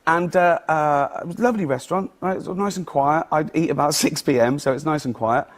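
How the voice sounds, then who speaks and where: A man's voice: on the high side, quick pace. A man telling a rambling chat-show anecdote with fillers and asides.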